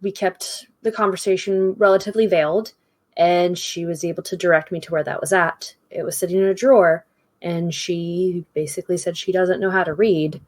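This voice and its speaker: A woman playing a tabletop game, speaking in character in an earnest, explanatory way. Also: fairly low pitch. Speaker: player. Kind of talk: in-character tabletop role-play.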